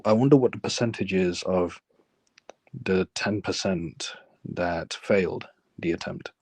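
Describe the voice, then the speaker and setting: A man from London hosting a live stream, speaking in a low, calm voice. He reads out chat comments and replies casually. The recording is close and dry. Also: measured pace, breathy edge, no echo. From London, England.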